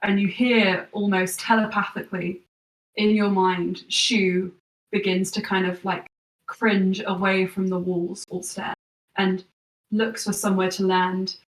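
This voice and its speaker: A woman's voice: medium pitch, flat delivery, a little slow, recorded from a distance. A woman narrating a tabletop game as game master, describing scenes with lots of fillers. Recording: echoey room, voice from off-mic.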